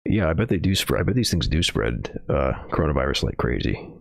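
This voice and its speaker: A man's voice: rumbling low, sing-song, brisk, creaky, no room sound, clean studio sound. A man streaming from home, reading news headlines and adding rambling, sarcastic asides. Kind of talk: casual livestream commentary.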